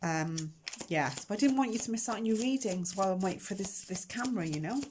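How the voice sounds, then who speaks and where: A woman's voice: mid-range voice, animated, quick pace, darkish tone, a little hiss or hum. Chatty emotional woman reading tarot. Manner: chatty and emotional, talks directly to viewers. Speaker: tarot reader and channel host. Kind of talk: casual tarot reading to camera. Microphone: camera microphone.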